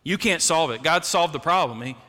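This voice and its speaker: A male pastor preaching a sermon with passion, moving from quiet, low passages to raised, emphatic ones and often repeating words as he starts a phrase. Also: lively intonation, a little fast, big-room sound. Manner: impassioned preaching, swinging from quiet to loud. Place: church sanctuary.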